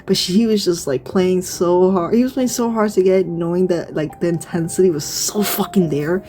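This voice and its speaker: A young woman streamer giving an excited, gushing reaction, swearing and stumbling over her words. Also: on the low side, moderate pace, slight background noise. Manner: gushing, swearing, frequent laughs.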